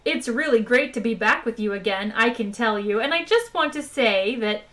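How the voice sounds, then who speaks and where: A woman's voice: on the high side, animated, moderate pace, a bit bright. A woman doing a bubbly, eager ship's computer. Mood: chirpy. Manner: bubbly, overeager. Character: cheery, chummy male ship's computer.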